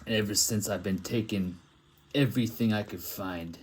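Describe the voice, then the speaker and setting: A man's voice: on the low side, moderate pace, husky. A man voicing a grimy male plague doctor from a back-alley town, rambling and crude in an improvised comic monologue. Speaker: artist improvising a comic story.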